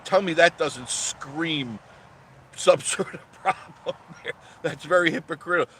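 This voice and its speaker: Loud, sarcastic man live-streaming from car. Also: a little high, unhurried, slight background noise. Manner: loud, ranting and sarcastic, mocking voices. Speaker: live-stream host reading viewer comments. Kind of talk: casual live-stream chat. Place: parked car outdoors.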